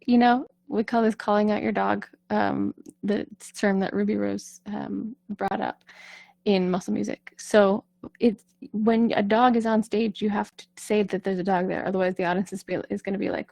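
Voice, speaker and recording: A young woman voice coach talks through a lesson in an easy, reassuring way, often tossing in "right?". Her voice has a gravelly edge of vocal fry, and the sound is dry and close, with no room in it. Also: mid-range voice, level tone, normal speed, darkish tone, dry recording. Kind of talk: casual teaching talk.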